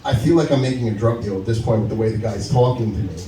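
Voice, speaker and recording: A man in his forties doing a stand-up set at an open mic, animated as he tells stories and acts out phone calls. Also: lowish voice, quick pace, a little hiss or hum. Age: 40s. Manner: animated storytelling, acts out phone calls, laughs at own jokes. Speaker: stand-up comedian. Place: stage at a live open mic. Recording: roomy venue sound from a distance.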